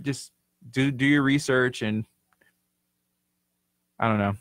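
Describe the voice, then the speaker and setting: Male radio co-host, mid-pitch, loose rambling banter, dry studio mic. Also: steady tone, takes it slowly, a bit bright, no room sound. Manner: rambling, informal, trailing off. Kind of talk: casual talk-radio banter.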